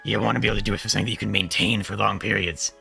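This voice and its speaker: A man streaming, chatting casually about voice technique while holding a deliberately gruff, gravelly voice. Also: fairly low pitch, steady tone, pushed and bright, soft background music. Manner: talks about voice technique, loose and rambling.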